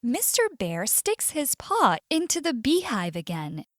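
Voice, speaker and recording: Slow, expressive woman storyteller. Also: fairly high pitch, no echo, studio quality. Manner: clear, expressive, deliberate. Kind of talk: slow scripted story narration for learners.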